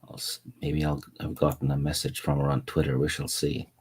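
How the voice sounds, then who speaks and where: A man's voice: a bass voice, monotone, brisk, a little mellow, breathy edge. A man co-hosting a live stream, reading a game announcement and chatting with viewers in a laid-back, dry way. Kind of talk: casual live-stream chat.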